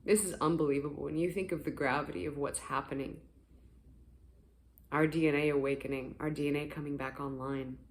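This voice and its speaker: A spiritual vlogger giving a casual morning talk to the camera, gentle, earnest and encouraging, rambling at times, with a voice a little rough from sleep. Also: medium pitch, steady tone, fairly quick.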